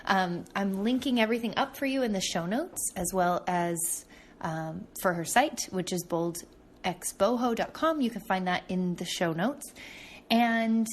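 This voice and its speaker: A woman's voice: mid-range voice, a little slow, a little hiss or hum. A young adult woman hosting a podcast, talking in an upbeat, enthusiastic way. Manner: upbeat, enthusiastic, lots of "super". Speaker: podcast host. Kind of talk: casual podcast chat and sponsor read.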